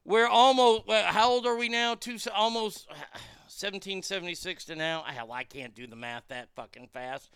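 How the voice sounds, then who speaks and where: A man's voice: high voice, steady tone, normal speed, hardly any pauses, bright, forceful tone, clean tone, no echo, clean studio sound. A man in a car giving crude, angry commentary while reacting to a news clip. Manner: angry, crude, blunt, heated. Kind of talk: profane ranting commentary.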